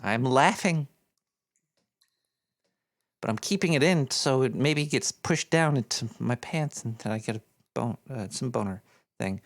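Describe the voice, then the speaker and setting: Man voicing a male cartoon rat radio host, paranoid, rambling, scatterbrained, gravelly, mid-pitched. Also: lively intonation, measured pace, pauses often. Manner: rambling, scatterbrained, jokey asides. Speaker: host reading donations. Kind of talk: rambling live-stream chat.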